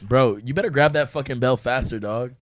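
A young man bantering and teasing friends loudly, swearing freely, during a casual game show. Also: mid-range voice, fairly quick. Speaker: contestant. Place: room shared with friends.

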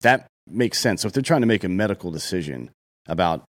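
A man's voice: sits low, animated, fairly quick. A man co-hosting a podcast, talking bluntly and heatedly with plenty of swearing. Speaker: podcast co-host. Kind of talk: casual profane opinion talk.

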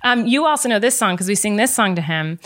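A young woman and mother chatting casually about songs she wrote for her son. She talks quickly and emotionally and often laughs at herself. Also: medium pitch, lively intonation, a bit bright. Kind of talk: casual chat. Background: ukulele.

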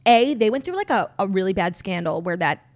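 A woman co-hosting a podcast, talking in a chatty, animated way with lots of "like". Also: mid-range voice, a little fast. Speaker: podcast co-host. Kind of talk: casual chat.

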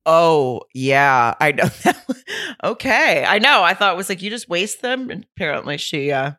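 Low-voiced wry woman co-host. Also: very animated, moderate pace, fairly bright tone, no echo, clean studio sound. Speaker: podcast co-host. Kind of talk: casual chat about reality TV.

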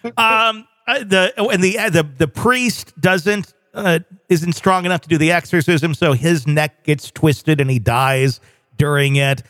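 A man's voice: a little high, measured pace, fairly bright tone, no echo. A man hosting a call-in show, chatting casually in a wry, rambling way with many fillers. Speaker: host. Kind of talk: casual chat.

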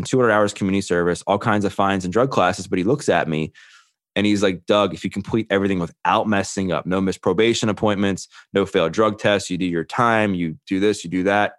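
A man's voice: sits low, no echo, studio quality. A man in his thirties, a podcast guest, telling his own story earnestly and quoting the people in it. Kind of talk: candid storytelling.

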